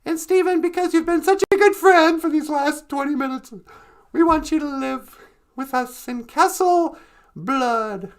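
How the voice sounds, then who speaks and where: A woman voicing a protective vampire big sister, speaking softly and slowly to reassure. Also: high-pitched. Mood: tender.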